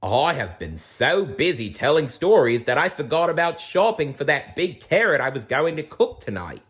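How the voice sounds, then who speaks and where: A man's voice: fairly high pitch, big pitch swings, moderate pace, a bit bright, voice pushed up. A man voicing a kindly male wombat who tells stories, in a cheerful, slightly raised voice, in a storybook reading.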